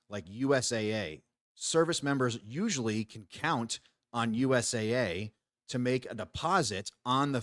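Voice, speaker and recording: A man's voice: medium pitch, no echo, clean studio sound. A retired Army veteran man in his forties hosting a casual talk show, blunt and profane, often restarting his sentences. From United States. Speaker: podcast host. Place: small home studio.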